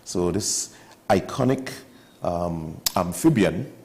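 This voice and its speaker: A Trinidadian man talks on a morning TV show in a fairly low, mellow voice. He explains animals in a chatty, joking way and weaves local sayings into what he says. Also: lively intonation, slow pace. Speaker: studio guest explaining wildlife. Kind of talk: casual chat on a morning TV show. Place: TV studio.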